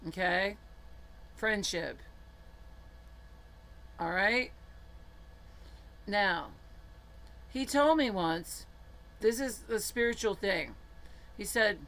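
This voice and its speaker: Frank, chatty woman with a lowish voice. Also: slow pace, pauses often, a bit bright. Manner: frank and chatty, laughs often, swears casually. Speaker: storyteller. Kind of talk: casual personal storytelling.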